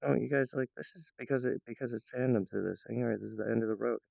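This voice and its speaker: A man talking in an excitable, rambling improvised monologue, jumping between ideas and restarting his sentences. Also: mid-range voice, fast, gravelly, dry recording. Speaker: video creator. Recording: dull, lo-fi, dry sound.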